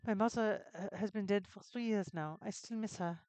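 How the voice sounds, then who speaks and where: An earnest young farm girl from a retro adventure game, put on by a streamer, speaks in a vague, wandering foreign accent with simple, halting phrasing. The sound is dry and close, with no room around it. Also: mid-range voice, a little mellow, no echo, dull audio, natural voice. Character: young farmer's daughter, cheerful and earnest.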